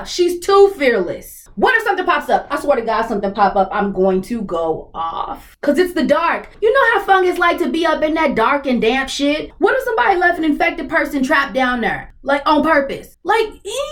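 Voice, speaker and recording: A woman's voice: high-pitched, big pitch swings, normal speed, hardly any pauses. A woman hosting a reaction channel, giving casual, slangy commentary with whispered asides.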